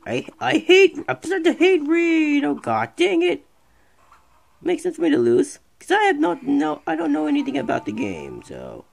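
A streamer giving casual let's-play commentary, excitable and rambling, talking back to the game. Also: sits high, normal speed, vocal fry. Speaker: gameplay streamer.

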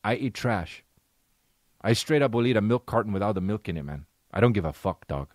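A man voicing a dopey, laid-back male dog that eats trash, in a lowered slacker drawl with an unbothered manner. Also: expressive, fairly quick, a little mellow, no room sound, clean studio sound. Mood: cocky.

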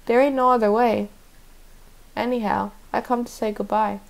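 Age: teen boy. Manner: folksy, hushed urgency. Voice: gravelly edge , a woman reading. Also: fairly high pitch, steady tone, moderate pace, low-quality recording. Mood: urgent. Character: earnest country teenage boy, urgent.

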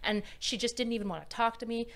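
A woman's voice: a little high, quick pace, fairly bright tone. A woman voicing a meek, shy young woman who sounds timid and resigned. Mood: wistful.

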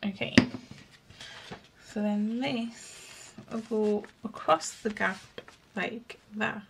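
A crafting vlogger talks casually through a tutorial in a mid-range voice, very slow and fairly even in intonation. She's chatty and self-mocking, thinking aloud as she works. It's a home recording with clear background noise.

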